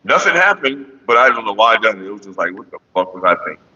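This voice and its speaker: A man on a casual stream, telling crude, profane stories in a loud, rowdy way. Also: on the low side, sing-song, quick pace, long reverb tail, dull audio. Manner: loud, profane, jumps into mocking voices and sings snatches. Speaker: livestream host.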